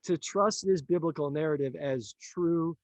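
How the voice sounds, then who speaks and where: A man telling a story in a casual conversation, animated, acting out the lines of the people in it and laughing often. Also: on the high side, moderate pace, dry recording. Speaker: author and teacher.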